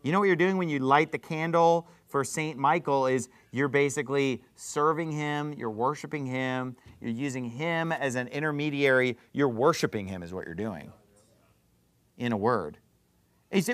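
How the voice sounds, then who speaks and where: A man's voice: a little high, lively intonation, moderate pace. A man preaching a sermon, full of rhetorical questions and sarcastic jabs. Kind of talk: fiery street-preacher sermon.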